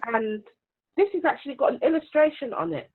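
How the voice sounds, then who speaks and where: A woman's voice: sits high, sing-song, brisk, breathy edge. Brief: bubbly woman host, laughs easily, tinny phone-like sound over a video call. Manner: bubbly, laughing, reads out comments. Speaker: host of a book launch. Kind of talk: live-stream interview hosting.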